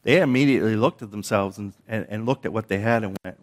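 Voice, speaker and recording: Male pastor, lowish voice, conversational sermon storytelling, repeats and restarts words. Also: quick pace.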